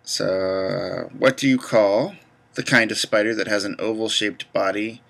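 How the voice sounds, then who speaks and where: A man's voice: fairly low pitch, fairly even intonation, measured pace, gravelly, a bit bright. Laid-back Southern man from Georgia. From Georgia, USA. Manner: rambling, easygoing. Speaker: vlogger. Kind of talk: casual video response, reading word list.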